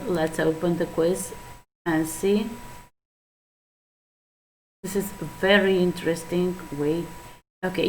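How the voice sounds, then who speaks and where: A woman who speaks Macedonian as her first language, teaching an English class online. She reads example sentences aloud and pauses with fillers and restarts. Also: fairly low pitch, a little hiss or hum, low-quality recording. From North Macedonia. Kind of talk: online lesson.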